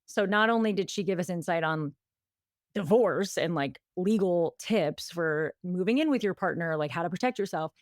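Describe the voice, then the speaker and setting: A woman's voice: on the low side, animated, normal speed, no room sound, clean studio sound. A woman co-hosting a podcast, casually recapping a story in a chatty way, full of "like" and quoted asides. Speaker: podcast co-host.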